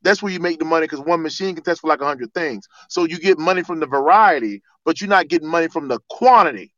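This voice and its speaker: A man's voice: fairly high pitch, fast talker, fairly bright tone, no room sound, dull audio. A man arguing his point in a casual debate, insistent and repetitive. He cuts in often and asks for yes-or-no answers. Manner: insistent, cuts in and repeats himself. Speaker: guest with a medical budget job.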